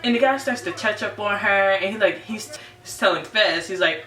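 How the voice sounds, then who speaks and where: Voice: medium pitch, normal speed, sharp tone. A TV series reviewer giving a casual, chatty episode recap, full of "right?" and "you know". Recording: roomy, distant mic, faint hum.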